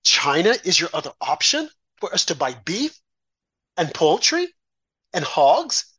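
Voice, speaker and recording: A man's voice: fairly high pitch, big pitch swings, unhurried, bright, forceful tone, husky. A man co-hosting a political commentary show, ranting with pointed rhetorical questions. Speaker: co-host.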